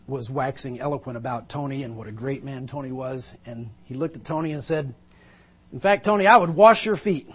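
A man's voice: medium pitch, darkish tone, husky. A male pastor preaching a sermon, retelling a Bible story vividly and with emphasis, pulling listeners into the scene.

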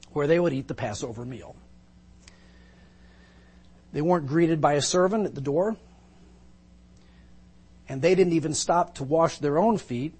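A man's voice: medium pitch, a little mellow, slightly rough. A male pastor preaching a sermon, retelling a Bible story vividly and with emphasis, pulling listeners into the scene.

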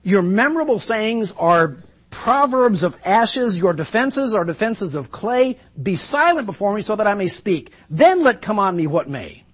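A man's voice: sits high, very animated, moderate pace, a bit bright, breathy edge, voice pushed up, heavily acted. A man voicing an anguished, suffering man who pleads with his friends and turns bitterly sarcastic. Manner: impassioned, pleading then sarcastic.

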